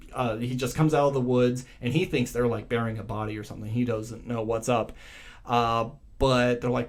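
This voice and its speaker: A man hosting a podcast, casually recapping a film's plot with animated storytelling, swearing and acting out quoted lines. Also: medium pitch. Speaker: podcast host.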